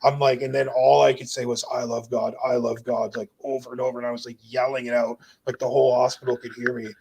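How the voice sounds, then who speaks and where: Fast-talking and completely flat, this young man speaks in a mid-range, gravelly voice with a darkish tone. He's the guest telling his near-death story, intense and earnest emotional testimony delivered casually with "dude" and "bro" throughout.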